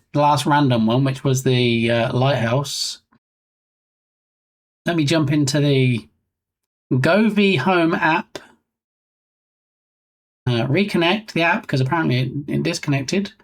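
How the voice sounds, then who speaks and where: A man hosting a casual game development live stream, reading chat aloud with rambling, dry, self-mocking asides. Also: on the high side.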